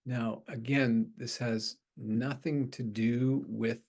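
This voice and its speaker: A man recounting a personal spiritual experience in an interview, talking slowly and hesitantly, with restarts and soft trailing phrases. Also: medium pitch, steady tone. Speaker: astrology teacher and practitioner. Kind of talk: personal story told in an interview.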